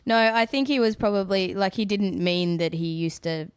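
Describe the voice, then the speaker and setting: A woman on a podcast panel, chatting casually with relaxed, brief reactions. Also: mid-range voice, normal speed, clear, resonant tone, dry recording. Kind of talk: casual chat.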